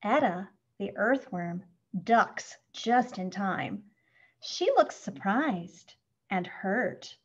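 A woman reading a children's picture book aloud in a slow, expressive storytelling manner. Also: mid-range voice, husky, highs cut off. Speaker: reader.

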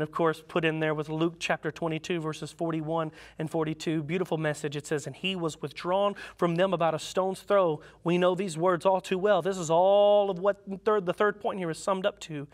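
Male panelist, high voice, earnest verse reader, stumbles and repeats. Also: fairly even intonation, normal speed. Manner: earnest, repeats himself while reading verses. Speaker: Bible study panelist. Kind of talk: Bible study panel teaching.

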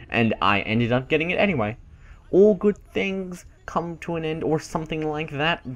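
A young man hosting a let's-play, giving excitable commentary and sarcastic jokes about the game as he plays. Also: mid-range voice. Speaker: gaming channel host.

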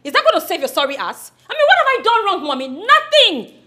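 A woman's voice: high-pitched, huge pitch swings, brisk, sharp tone, heavily acted. An actress playing a defiant young woman with a Nigerian accent, confronting her uncle in front of her mother. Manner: taunting, confrontational. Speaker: daughter.

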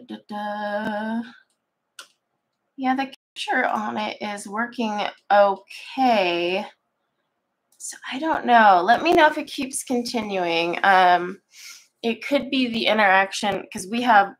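Female host, unhurried, congested, chatty casual stream talk on webcam mic. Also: medium pitch. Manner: chatty, rambling, many ums and laughs. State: stuffy and congested. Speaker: coloring channel host. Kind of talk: casual livestream chat. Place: home art studio.

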